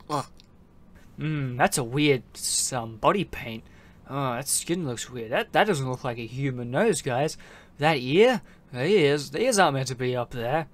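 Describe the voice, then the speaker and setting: A man reading a visual novel aloud and giving jokey, rambling commentary as he plays. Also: medium pitch. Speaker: gaming video creator.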